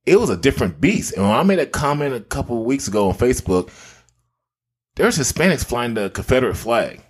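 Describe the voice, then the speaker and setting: Husky, animated man telling stories. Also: medium pitch, fairly quick. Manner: animated, emphatic storyteller. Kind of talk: casual discussion.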